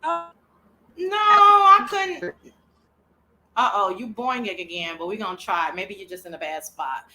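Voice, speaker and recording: A woman hosting a casual livestream chat, loud, dramatic and profane, often breaking into laughter. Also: lowish voice, expressive, a little fast, echoey room, soft background music. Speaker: host.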